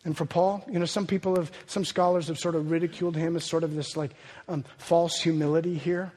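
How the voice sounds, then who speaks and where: Guy preaching in a big echoey church, high voice, gets hushed then loud. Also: moderate pace. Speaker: pastor. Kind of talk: sermon.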